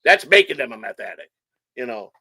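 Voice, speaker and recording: A middle-aged man from Chicago telling hyper, rapid stories in casual chat, swearing freely. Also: medium pitch, sing-song, vocal fry, crowd noise. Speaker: guest.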